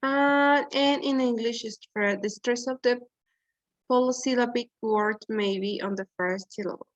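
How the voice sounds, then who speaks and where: Slow, hesitant woman presenting a lesson. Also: a little high, no echo. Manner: hesitant, many "uh" fillers and restarts. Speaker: student presenter. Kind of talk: class presentation on pronunciation. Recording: dull, dry lo-fi recording.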